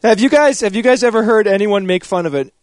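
American male co-host, jokey, high voice, dry close recording. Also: fast, dry recording. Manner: joking, easygoing. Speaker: podcast co-host. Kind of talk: casual panel chat.

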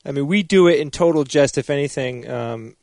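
A man's voice: mid-range voice, fairly quick, darkish tone, no room sound. An American man co-hosting a podcast, easygoing and joking in casual chat. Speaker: podcast co-host.

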